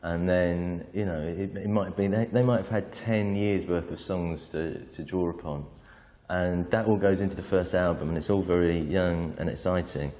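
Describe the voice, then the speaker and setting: A man giving measured, hesitant commentary in an interview. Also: sits low, dark tone, in a large hall. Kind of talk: reflective commentary.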